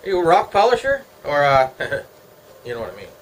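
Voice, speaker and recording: A man's voice: on the high side, wildly swooping pitch, a little fast, a little hiss or hum, rough recording. A middle-aged Canadian man chatting casually at home, joking and wandering from topic to topic. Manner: joking, meandering, talks to himself. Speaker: vlogger. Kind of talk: casual rambling chat.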